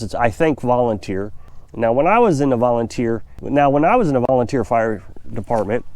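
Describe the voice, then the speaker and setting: Middle-aged man from Missouri, homestead vlogger, rambling and chatty, with an animated pitch. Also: no echo. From Missouri, USA. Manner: rambling, conversational, self-correcting. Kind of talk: casual storytelling to camera.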